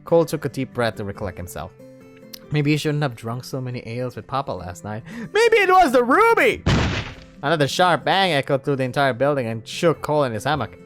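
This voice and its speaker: Man reading a visual novel with lively pitch. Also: brisk, soft background music. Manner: laughs often and breaks off to crack jokes. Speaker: narrator and commentator. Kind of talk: reading a visual novel aloud with jokey asides.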